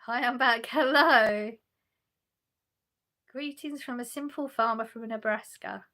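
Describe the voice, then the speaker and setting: A woman's voice: a little high, takes it slowly, pushed and bright. A woman, chatting casually on a livestream from her sofa at home, reading out and answering viewers' messages with frequent laughs and restarts. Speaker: livestream host reading chat.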